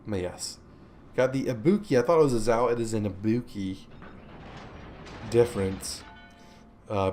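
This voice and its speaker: A gameplay commentator chats casually over a warship game replay, cracking jokes and leaning on plenty of fillers. He's sleepy and yawning from recording in the morning, and his mid-range voice has a darkish tone.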